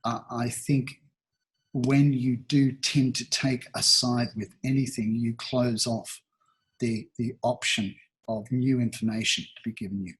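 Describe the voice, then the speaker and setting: A man's voice: medium pitch, steady tone, a little slow, husky. A man in his sixties from Australia, a talent agency founder talking thoughtfully as an interview guest, with many restarts and fillers. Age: 60s. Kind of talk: reflective interview conversation.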